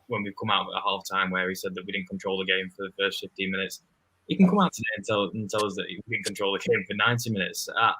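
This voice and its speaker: A man with an English accent, a guest fan giving his match opinions in halting speech with many restarts. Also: lowish voice, bright, forceful tone, low-quality recording. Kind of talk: casual football fan chat.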